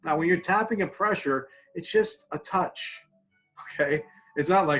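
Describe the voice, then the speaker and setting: An older man, a college support clinician, calmly teaching a tapping technique in a webinar, often dropping to quiet repeated phrases. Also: on the high side, a little slow, rough recording.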